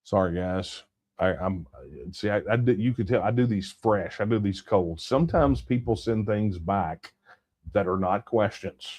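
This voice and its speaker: A man with a fairly low voice hosts a casual late-night livestream Q&A. He talks loosely and works out his answers aloud, with plenty of fillers and restarts. The sound is dry and close, with no room around it. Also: unhurried, a little mellow, no echo. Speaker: livestream Q&A host.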